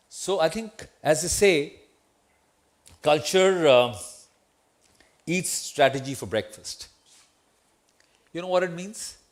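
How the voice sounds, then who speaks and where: Man, Indian English accent, middle-aged, lecture to students, auditorium, chatty and questioning. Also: on the high side. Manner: conversational, asks the audience questions, tag "right?". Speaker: guest lecturer.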